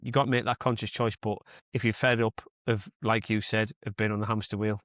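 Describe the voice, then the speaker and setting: A man's voice: lowish voice, little pitch movement, fairly quick, a bit bright, dry recording, studio quality. A man hosting a podcast in casual, rambling chat that slips into mild swearing. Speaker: podcast host.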